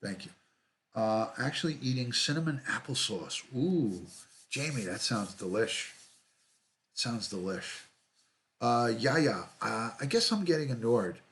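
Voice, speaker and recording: A man's voice: medium pitch, animated, unhurried, fairly bright tone, slight background noise. A middle-aged man, hosting a casual livestream, reading viewer comments aloud and greeting people by name, often repeating himself. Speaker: livestream host, retired detective.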